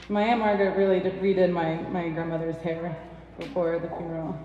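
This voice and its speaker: A woman giving a measured, lyrical poetry reading at a pub reading night, with shy asides between poems. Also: fairly low pitch, flat delivery, warm tone. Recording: echoey dull sound from a distant mic in a pub.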